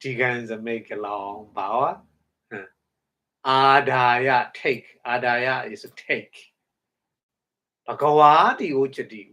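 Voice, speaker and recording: A man giving a Dhamma talk in halting English, breaking Pali words into syllables, often chuckling and asking if listeners follow. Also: mid-range voice, bright, forceful tone. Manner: halting non-native English, chuckles often, checks understanding. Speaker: meditation teacher.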